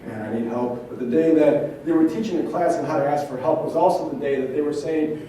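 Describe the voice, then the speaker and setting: A man, a trauma therapist, gives a dramatic spoken-word performance at an indoor event venue, repeating himself and firing off intense rhetorical questions. His voice is a little high and dark-toned, and he speaks briskly. There's a little hiss or hum, and the far-off mic catches an echoey room.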